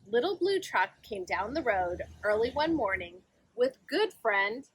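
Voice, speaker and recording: A woman reading a picture book aloud for children, singsong and animated, often asking her young listeners questions. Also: on the high side, measured pace, a little hiss or hum. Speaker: children's librarian. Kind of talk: storytime read-aloud.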